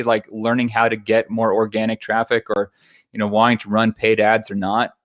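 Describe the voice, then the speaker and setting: A man in his thirties, a photography business coach, giving a quick, conversational webinar talk with frequent fillers and restarts. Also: on the low side, dry recording, studio quality. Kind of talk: webinar presentation.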